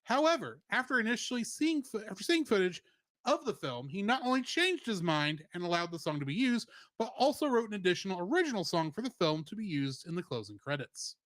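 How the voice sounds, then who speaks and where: Lively high-pitched man reading trivia. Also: fairly quick, dry recording. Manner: lively, animated reading with playful asides. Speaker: podcast co-host. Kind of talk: reading a plot summary and trivia.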